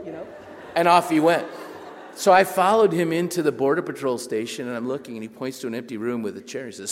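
A man with a mid-pitched voice tells a story to a live audience. He is animated and self-mocking, and he slips into other people's voices as he goes. His voice rings through a large hall with a long echo. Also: a little fast. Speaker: author giving a talk. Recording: echoey hall.

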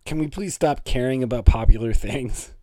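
A man's voice: mid-range voice, normal speed, dark tone, no room sound, clean studio sound. A man from Toronto, hosting a solo comedic podcast in a playful, rambling way. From Toronto, Canada. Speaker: podcast host.

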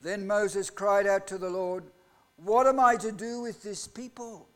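A man preaching a live sermon in a church. He asks the congregation rhetorical questions and swings between loud outbursts and hushed lines. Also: high-pitched, steady tone, measured pace. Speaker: pastor. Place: church hall.

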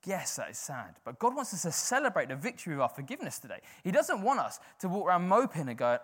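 A man's voice: sits high, very animated, fast, hardly any pauses, fairly bright tone, slightly rough. A man preaching a sermon in an informal, conversational way, often filling with "like".

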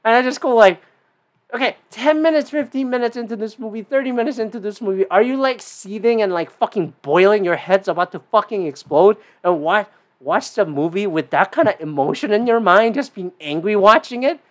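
A man talks alone on his podcast in a loose, rambling way, swearing often and leaning on fillers. His voice jumps high and drops low as he goes. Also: brisk. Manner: rambling and profane, with many fillers. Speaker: podcast host. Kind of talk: casual solo podcast monologue.

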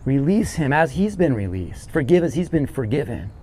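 A man's voice: medium pitch, normal speed, breathy edge. A male pastor preaching a sermon, retelling a parable and acting out its characters' pleas. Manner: animated, acts out quoted characters in the story.

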